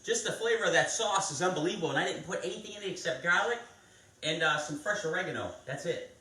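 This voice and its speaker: A man's voice: high voice, fast talker, bright, forceful tone. Chatty male chef, echoey kitchen. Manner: chatty, talks viewers through each step. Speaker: chef hosting a live cooking stream. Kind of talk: casual cooking demonstration. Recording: echoey kitchen, mic at a distance.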